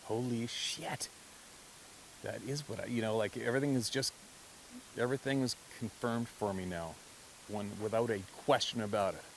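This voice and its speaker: Man, lowish voice, casual spoken story, swearing, chuckles, faint hiss. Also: steady tone, a little fast, vocal fry, low-quality recording. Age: adult, past mid-twenties. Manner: conversational, profane, laughs often. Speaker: hunter telling encounter stories.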